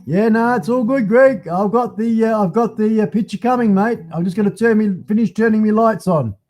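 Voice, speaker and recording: A man's voice: sits high, a little fast, a little mellow. An Australian man hosting a casual live stream, chatty and matey as he greets viewers by name. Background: faint music.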